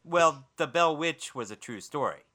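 A man's voice: on the high side, animated, moderate pace, sharp tone. A man co-hosting a paranormal talk radio show, chatting casually and a bit rambling, often stumbling over his words.

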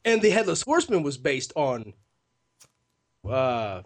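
A man's voice: medium pitch, big pitch swings, unhurried. A man co-hosting a paranormal talk radio show, chatting casually, enthusiastic and effusive, often tossing in "man.".

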